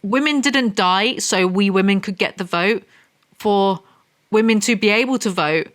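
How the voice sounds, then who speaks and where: A woman's voice: medium pitch, measured pace. A woman reviewing a romance novel in a comedic rant, reading passages aloud and mocking them with sarcastic asides. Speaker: book reviewer.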